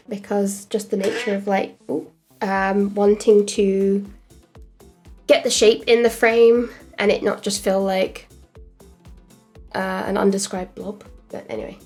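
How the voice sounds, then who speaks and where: A woman's voice: mid-range voice, warm tone. A young woman chatting casually on a livestream while she animates, rambling and giggling, with lots of fillers and self-corrections. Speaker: streamer animator.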